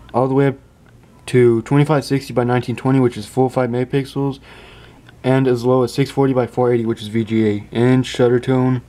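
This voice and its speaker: Man, tech reviewer, casual vlog talk, warm dark tone, chatty, self-correcting. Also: mid-range voice. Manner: chatty, stumbling, often apologizing. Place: indoors.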